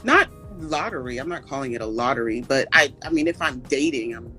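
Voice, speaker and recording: Defensive woman caller, lively pitch. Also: brisk, soft background music. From outside the US. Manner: defensive, laughing.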